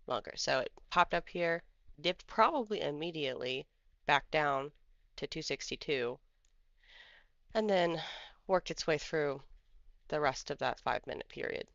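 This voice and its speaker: A trading streamer chats through charts in a casual live commentary, drifting and thinking aloud. The voice has a gravelly, fry-edged texture. The sound is dry and a little dull, like a lo-fi home mic. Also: mid-range voice, moderate pace, pauses often, a bit bright, no echo. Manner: rambling, thinks aloud while scrolling charts. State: has the hiccups.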